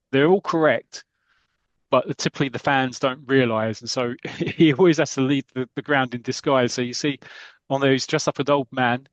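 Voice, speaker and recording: A man's voice: medium pitch, no room sound. A man co-hosting a podcast, casually retelling an old comic strip story in a chatty way. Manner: chatty, restarts, does character voices. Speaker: podcast co-host.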